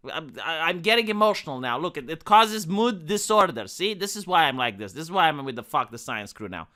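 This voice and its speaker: A man's voice: a little high, very animated, a little fast, few pauses, bright, forceful tone. A man from Romania with a Romanian accent, giving exasperated reaction commentary as a streamer, swearing and repeating himself for emphasis into a desk microphone.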